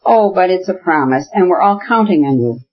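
Reader voicing a kindly, excitable nobleman, pitched up, husky, lo-fi audiobook. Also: fairly quick. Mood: cheerful. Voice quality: emotional, pleading. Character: cheerful, kindly, excitable middle-aged nobleman. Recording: dull lo-fi recording.

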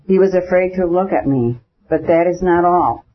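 A man's voice: high-pitched, moderate pace, pitched above the performer's own voice. A man reading the lines of a crushed, self-pitying middle-aged official who speaks plaintively and formally in an audiobook. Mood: despairing. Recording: dull lo-fi recording.

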